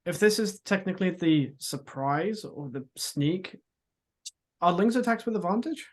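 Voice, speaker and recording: A player in a tabletop game, hesitant and halting while reading rules and asking the game master questions. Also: mid-range voice, lively intonation. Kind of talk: casual tabletop game play.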